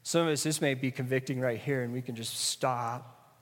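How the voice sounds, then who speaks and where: A man's voice: mid-range voice, fairly even intonation, moderate pace, long reverb tail. A man preaching a sermon, emphatic and asking the audience rhetorical questions.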